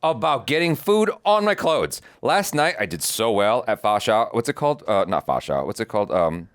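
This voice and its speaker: A man's voice: lowish voice, sing-song, moderate pace, no room sound, studio quality. A man co-hosting a reaction show, chatting casually and telling jokey stories with plenty of swearing. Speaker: reaction channel co-host. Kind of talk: casual chat.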